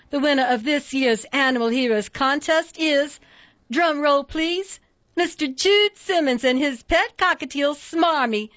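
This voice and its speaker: A woman narrator putting on a fake-sweet judge with a sugary Southern accent, high and loud as she announces. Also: dry recording, highs cut off.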